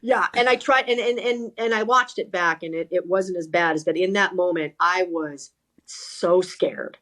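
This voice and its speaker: Animated woman telling work stories. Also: fairly low pitch, normal speed. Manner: animated, self-correcting, lots of repeated starts. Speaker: sideline reporter and talent coach. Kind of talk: podcast interview storytelling.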